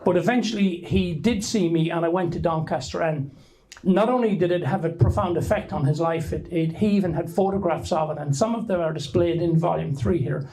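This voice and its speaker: A middle-aged Irish man with a fairly high, dark-toned voice speaks fairly quickly over poor audio. An author giving a talk at a book launch, he tells the audience a rambling, anecdotal story and often restarts his sentences.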